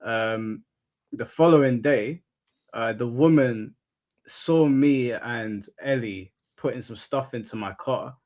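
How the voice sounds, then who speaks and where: A man's voice: medium pitch, slow pace, a little mellow. A man hosting a live stream, chatting casually and reading out super chats; he rambles, repeats words and swears while telling a story. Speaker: streamer host.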